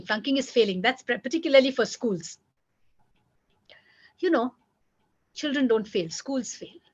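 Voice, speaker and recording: Woman parenting coach, high voice, direct and repetitive delivery, dull lo-fi recording. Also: a bit bright. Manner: direct, repeats key phrases. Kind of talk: lecture to parents.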